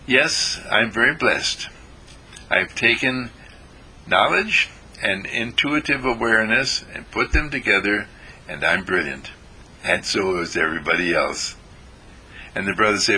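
A man telling a spiritual story in a rambling way, pausing and repeating words. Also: fairly low pitch, sing-song, bright, forceful tone, breathy edge, low-quality recording.

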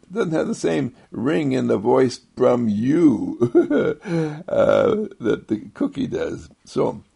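A man with a deep, heavily gravelly and husky voice muses softly in a gentle inspirational monologue. His pitch swings widely, rising high when he quotes others. He rambles, circles back on his words and chuckles often. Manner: rambling, repetitive, soft-spoken, chuckles often.

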